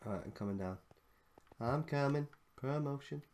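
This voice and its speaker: A man's voice: mid-range voice, normal speed, background noise. A man teasing his co-player in a casual, sweary gaming chat. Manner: sweary, playful, teasing banter. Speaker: gamer co-host.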